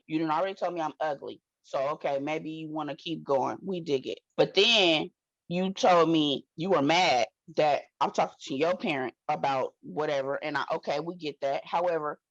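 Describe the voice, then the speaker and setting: A woman guest in a casual recap chat, blunt and animated, with slangy storytelling. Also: lowish voice, no echo, dull audio.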